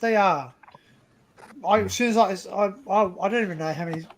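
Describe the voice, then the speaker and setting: An Australian man hosting a live stream over a video call, chatty and quick to laugh, often repeating himself. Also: sits high, a little hiss or hum, rough recording. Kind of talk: casual live stream chat.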